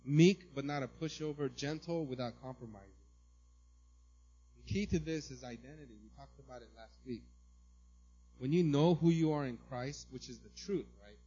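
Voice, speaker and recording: A man preaching a sermon as a pastor, in a conversational way, often checking in with "right?" and now and then breaking into loud mimicry. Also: medium pitch, normal speed, slightly rough, dull audio.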